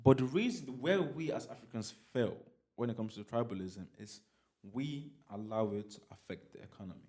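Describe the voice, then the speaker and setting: Podcast host guy, igbo nigerian roots, mid pitched, talks through examples, keeps asking you get me. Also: brisk. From Nigeria (Igbo heritage). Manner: animated, explains by examples, repeats "you get what I'm saying". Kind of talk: casual conversation.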